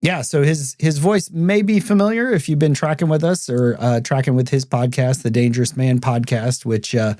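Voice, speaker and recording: A man's voice: medium pitch, moderate pace, hardly any pauses, no echo, clean studio sound. Laid-back man hosting a podcast. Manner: relaxed, laughs easily, many fillers. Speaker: podcast host. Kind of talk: casual podcast chat.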